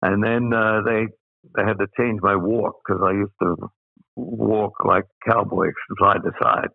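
This older Australian interview guest has a low-leaning, steady voice with vocal fry and speaks a little slowly. His anecdotes wander, dotted with "uh" fillers and laughter, and the audio is phone quality with no echo.

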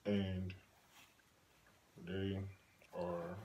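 A man joking with family during truth or dare, laughing loudly and protesting. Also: deep voice, completely flat delivery, very slow. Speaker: cousin or twin in the game. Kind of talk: casual banter with family. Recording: noisy home phone recording.

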